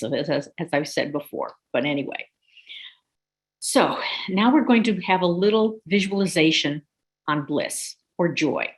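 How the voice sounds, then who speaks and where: Woman, yoga teacher, lowish voice, calm guided instructions, slow pauses.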